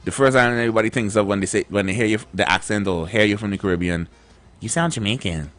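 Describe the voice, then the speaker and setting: A man's voice: on the low side, steady tone, racing, a bit bright, faint music behind. A man co-hosting a casual radio chat, talking in a chatty, rambling way with many repeated words. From Trinidad and Tobago. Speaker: radio show co-host.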